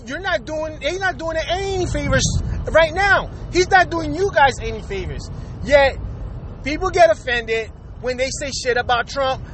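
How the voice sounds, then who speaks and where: A man's voice: very high voice, fairly bright tone, slight background noise, low-quality recording. An angry man in a profane, streetwise political rant, cursing hard and talking straight to the viewer.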